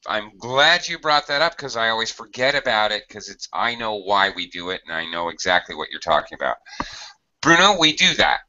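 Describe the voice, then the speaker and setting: A man's voice: lowish voice, big pitch swings, brisk, bright, forceful tone, lo-fi sound. A man teaching English to a small online group, explaining grammar patiently and acting out example sentences.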